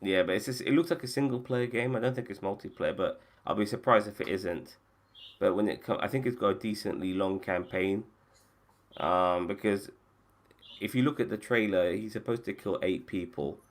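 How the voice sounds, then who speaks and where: A man's voice: on the low side, normal speed. A man hosting a podcast and running a casual chat about video games, swearing freely and often restarting his sentences. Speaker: podcast host.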